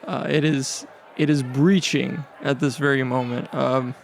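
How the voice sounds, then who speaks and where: A man doing a rambling, crude stand-up comedy set on a club stage, halting with fillers and restarts. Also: mid-range voice, fairly even intonation, vocal fry, slight background noise.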